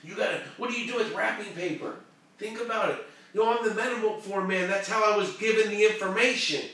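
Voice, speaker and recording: A man hosting a show and giving a fervent, preachy motivational pep talk that swings from shouting to hushed tones. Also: high-pitched, quick pace, heavy reverb, distant mic. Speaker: motivational live-stream host.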